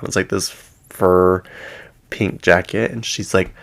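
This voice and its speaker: A man's voice: fairly low pitch, steady tone, moderate pace, creaky. A man hosting a gossip recap from home, chatty and rambling, full of "like". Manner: chatty, rambling, heavy use of "like". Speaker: gossip show host. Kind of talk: casual reality-TV gossip recap.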